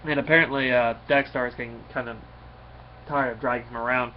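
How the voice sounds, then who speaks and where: A man casually recapping a comic book issue in a rambling, halting way, with many fillers and restarts. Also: mid-range voice, steady tone. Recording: slightly dull recording with faint noise.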